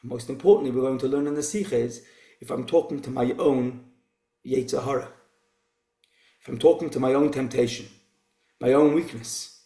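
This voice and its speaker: A man's voice: medium pitch, normal speed, pauses often, mellow. A man teaching an informal Torah class in a conversational way, posing rhetorical questions. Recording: roomy echo.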